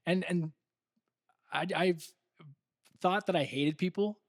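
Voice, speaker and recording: Young american man, laughing storyteller, slightly high voice, dry close sound. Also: slow, no echo. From United States. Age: young adult. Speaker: co-host. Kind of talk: casual podcast chat.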